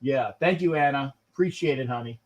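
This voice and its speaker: A man's voice: mid-range voice, fairly quick. A man hosting a casual sports-fan livestream, rambling and searching aloud for words. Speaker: host.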